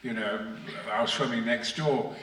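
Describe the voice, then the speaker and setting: A man guest at a convention panel, telling stories to the audience in a booming, theatrical way, heard from far off in an echoey hall. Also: moderate pace, a bit bright. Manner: booming, theatrical, acts out voices. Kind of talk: anecdotal storytelling to an audience.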